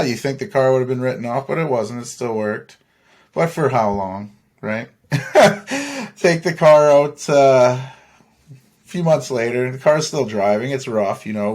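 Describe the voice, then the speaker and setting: A man's voice: fairly low pitch, a little mellow. A young man from Saskatchewan, Canada, hosting a podcast and rambling through a story with frequent laughs and swearing. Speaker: podcast host. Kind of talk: casual storytelling.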